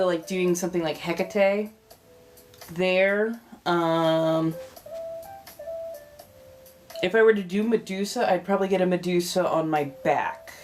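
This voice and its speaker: Californian woman, livestream host, lowish voice, rambling and chatty, faint music behind. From California, United States. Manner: rambling, chatty, greets viewers warmly as they arrive. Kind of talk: casual livestream chat.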